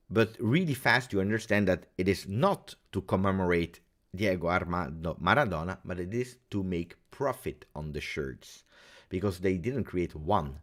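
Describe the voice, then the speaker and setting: A man hosting a fan live stream, ranting heatedly and repeating himself for emphasis. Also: sits low. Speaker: fan channel host.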